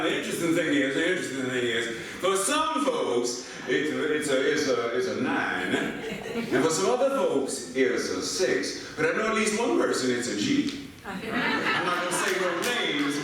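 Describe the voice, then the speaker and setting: An older American minister gives an animated sermon in a church sanctuary, telling playful stories and posing rhetorical questions to the congregation. His fairly high voice is a little slow, picked up by a distant mic in an echoey hall with crowd noise.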